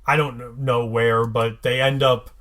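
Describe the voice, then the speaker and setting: A man co-hosting a podcast, recapping an episode in casual chat, halting with many fillers and restarts. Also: mid-range voice, flat delivery, fairly bright tone.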